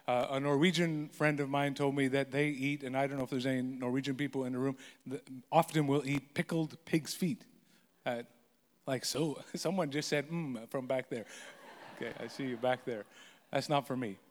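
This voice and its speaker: A man's voice: medium pitch, fairly even intonation, normal speed. A man in his fifties, a pastor telling funny stories from his own life during a sermon, self-deprecating and joking with the congregation. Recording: hall reverb.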